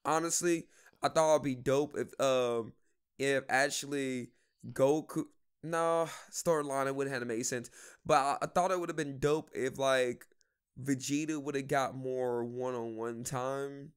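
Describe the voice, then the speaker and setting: A man's voice: medium pitch, clear, resonant tone. A man co-hosting a podcast, talking casually and animatedly in slang about a movie. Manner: animated, slangy, quick bursts. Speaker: podcast co-host. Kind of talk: casual chat.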